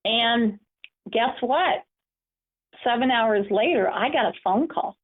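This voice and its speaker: A woman's voice: fairly high pitch, lively intonation, takes it slowly. A woman empowerment coach giving a webinar presentation, telling personal stories in an encouraging way. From United States. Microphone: webinar call audio. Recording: phone-like narrow audio.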